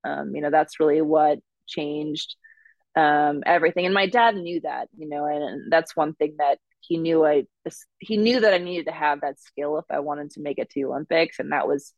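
Low-voiced Minnesota woman, chatty guest. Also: moderate pace, dry recording, muffled recording. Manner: rambling with frequent fillers and restarts. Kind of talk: conversational interview.

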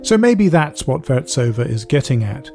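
A man hosts a podcast, explaining ideas in a measured, scripted narration. His voice sits in a middle pitch and his delivery stays thoughtful. Faint music plays under him at times. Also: big pitch swings, darkish tone. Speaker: podcast host.

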